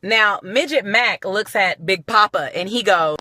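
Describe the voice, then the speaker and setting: A woman telling a comic story to her followers with animated, profane exclamations, recorded on a phone. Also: mid-range voice, a little slow, no echo, clean studio sound. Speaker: vlogger.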